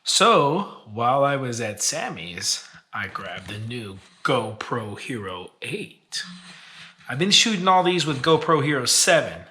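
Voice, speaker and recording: A woman vlogger telling a family story in a casual, animated way, full of fillers and restarts. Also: very deep voice, takes it slowly. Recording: echoey room with music behind.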